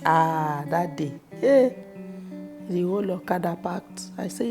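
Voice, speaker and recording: A Nigerian actress telling personal stories in a casual, expressive way, with sudden loud bursts. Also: female voice, on the low side, measured pace. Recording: music playing behind the voice.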